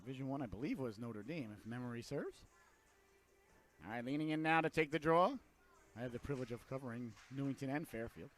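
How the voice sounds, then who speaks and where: A man calling a hockey game play by play, a little hoarse, filling the quiet stretches with rambling jokey asides and rising to loud excitement on shots and goals. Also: medium pitch, brisk. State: hoarse throat, clearing it. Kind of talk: live sports commentary.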